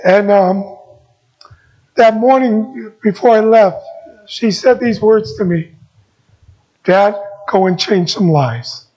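A middle-aged man preaching a sermon as pastor, earnest and repetitive, moving between emphatic lines and soft ones. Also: high voice, slow pace, long pauses, highs cut off.

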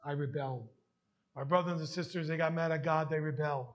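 A man's voice: on the high side, steady tone, fairly quick, muffled recording. A man preaching a heartfelt sermon and sharing his testimony, emotional at times. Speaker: pastor.

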